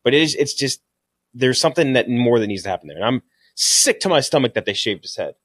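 A young man co-hosting a casual podcast chat, talking in an animated way and swearing often. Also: mid-range voice, fast, slightly rough, no room sound. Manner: animated, swearing, mock voices. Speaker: podcast co-host.

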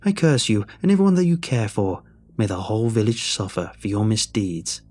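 Creaking ancient crone for a spoken ghost story, sly then cruel, played by a man in a husky, low register. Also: big pitch swings, normal speed, a little mellow, full character voice. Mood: cursing. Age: over 60. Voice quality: creaking, rasping. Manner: sly and mocking, turning to cursing.

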